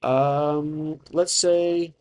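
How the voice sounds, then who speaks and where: A man's voice: a little high, fairly even intonation, very slow, a little mellow, slight background noise. A man narrating his own solo tabletop role-playing game, thinking aloud casually. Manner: rambling, thinks aloud with fillers.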